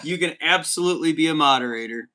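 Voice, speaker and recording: A man's voice: on the high side, fast talker, bright, forceful tone. An American man hosting a casual livestream, reading chat messages aloud in an upbeat way. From United States. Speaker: livestream host.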